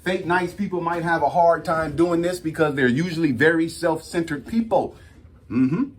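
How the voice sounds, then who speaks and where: Slangy, animated man reading a list. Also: on the high side, moderate pace, a little hiss or hum. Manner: animated storytelling, slangy, addresses audience as y'all. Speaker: host. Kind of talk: casual talk reading and riffing on a list.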